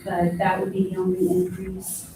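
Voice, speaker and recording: A woman's voice: fairly low pitch, monotone, normal speed, noisy background. A woman, the county clerk, plainly walking commissioners through her budget. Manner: plainspoken, matter-of-fact, self-correcting. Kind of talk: budget presentation at a public meeting. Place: county meeting room. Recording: very echoey room from a distant mic.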